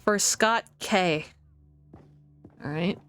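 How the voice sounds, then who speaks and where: A young woman streaming a game, chatting casually, giggling and thinking out loud. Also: lowish voice, very slow, faint music behind. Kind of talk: casual let's-play commentary.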